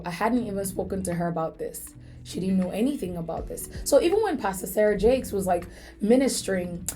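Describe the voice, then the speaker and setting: A woman's voice: medium pitch, mellow. A woman hosting a faith podcast, telling a story in an earnest, emotional way. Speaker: podcast host.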